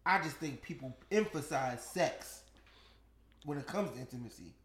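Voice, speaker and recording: A man's voice: on the high side, animated, normal speed, a bit bright, a little hiss or hum. Reflective man in an echoey room. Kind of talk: casual chat.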